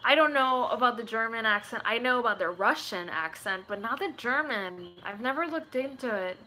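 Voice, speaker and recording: Young woman streamer, sharp bright voice, playful and rambling. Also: a little high, lively intonation, moderate pace. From Puerto Rico. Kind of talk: casual live chat answering comments.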